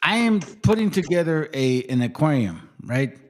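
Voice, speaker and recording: A man hosting a casual livestream, his voice sitting a touch above the usual male range. He rambles in a loose, profane way, often dropping to a low mutter before picking back up. The tone is relaxed and unscripted. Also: moderate pace, slight background noise. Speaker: livestream host.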